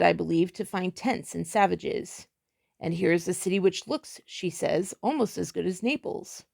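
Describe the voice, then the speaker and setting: A woman narrating historical letters in a measured, even storytelling manner. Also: mid-range voice, vocal fry. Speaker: audiobook reader.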